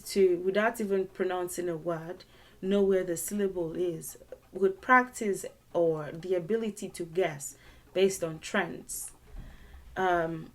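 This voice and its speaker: A woman teaching a beginners' language lesson online, patiently repeating syllables and tones many times. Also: medium pitch.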